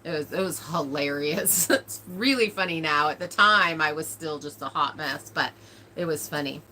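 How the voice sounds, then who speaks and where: A woman's voice: deep voice, moderate pace, pushed and bright, slight background noise. A woman hosting a casual livestream, chatting and telling stories to viewers in a talkative, laughing way. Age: adult, older than a cousin nine years younger. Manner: chatty storytelling with frequent laughs. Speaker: livestream host of a farm channel. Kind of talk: casual livestream chat, answering viewer comments.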